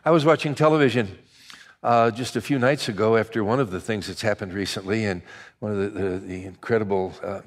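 An older male pastor delivering a sermon like a conversation, full of anecdotes. He stumbles and restarts often, then breaks into lively asides. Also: lowish voice, a little fast. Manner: conversational storytelling, many restarts, animated asides.

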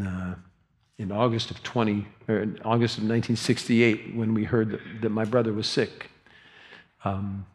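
An older man preaching a sermon, earnest and often repeating himself, dropping to a soft voice in tender passages. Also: mid-range voice. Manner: earnest, repeats words, drops to soft tones for grief. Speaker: pastor.

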